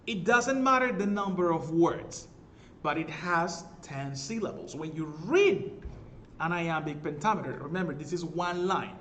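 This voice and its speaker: Male literature teacher, fairly high voice, patient explainer who self-corrects, soft hiss behind. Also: lively intonation, measured pace. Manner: explanatory, checks in with "all right?", corrects himself. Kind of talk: recorded class lecture.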